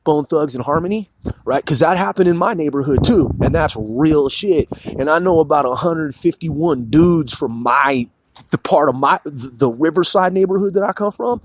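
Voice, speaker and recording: A man's voice: fairly high pitch, lively intonation. A man in his forties rambling through a casual solo podcast monologue, profane and peppered with "man" and "bro". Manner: rambling and profane, fills every pause with "man". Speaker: podcast host.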